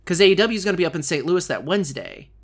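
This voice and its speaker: With a high, sing-song voice, a man hosting a wrestling podcast jokes around with his co-host, speaking quickly and enthusiastically in a casual chat.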